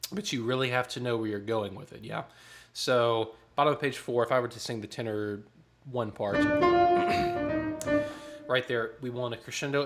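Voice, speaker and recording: A man's voice: medium pitch, fairly bright tone. Man leading choir rehearsal. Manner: instructive, counts and sings parts aloud. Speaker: choir director. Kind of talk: online choir rehearsal instruction.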